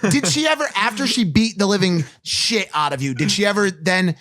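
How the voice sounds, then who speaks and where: A man hosting a podcast in casual, excitable chat full of swearing and slang. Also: high voice, a little fast. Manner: excitable, profane, uses "dude" and "bro". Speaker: podcast host.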